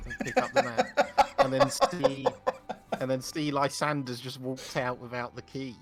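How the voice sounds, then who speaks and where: A man's voice: mid-range voice, animated, moderate pace, gravelly, over music. A man playing a tabletop game, describing his character's actions in rambling bursts with restarts. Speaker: player.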